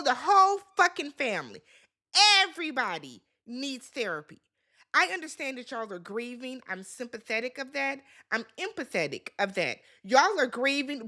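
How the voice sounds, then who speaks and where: A woman talks through a reality show recap in a casual, sassy way. Her voice sits high and sounds bright. She slips into the cast's lines as she tells it.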